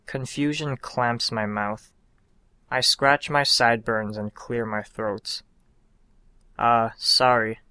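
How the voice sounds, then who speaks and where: A man reading his own short story aloud in a calm, unhurried storytelling manner. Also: medium pitch, clean tone, no room sound. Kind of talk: scripted narration of a short story.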